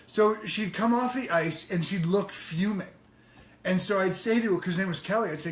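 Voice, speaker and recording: A man's voice: high-pitched, moderate pace, echoey room. A man co-hosting a live show in casual, joking chat, swearing freely. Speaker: co-host.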